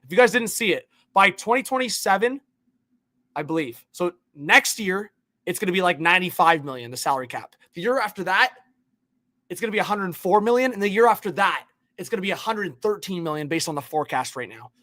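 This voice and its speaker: A man hosting a hockey livestream, ranting casually with slang and swinging between muttering and shouting in disbelief. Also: high-pitched, lively intonation, fairly quick, no echo. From Canada. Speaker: hockey YouTube livestream host. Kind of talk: live-stream hockey rant.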